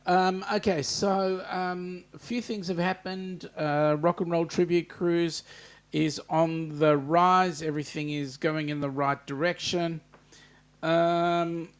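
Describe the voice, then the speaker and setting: An Australian man hosts a casual livestream, chatting loosely with plenty of ums and greeting viewers by name. His voice is fairly high, smooth, and slow, with a steady tone.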